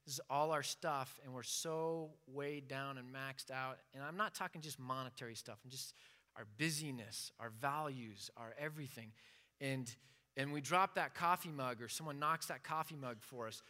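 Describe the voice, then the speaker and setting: A man's voice: medium pitch, moderate pace, bright, forceful tone. A man giving an informal sermon with passion, acting out the prayers he quotes. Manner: impassioned, acts out quoted prayers. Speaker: preacher.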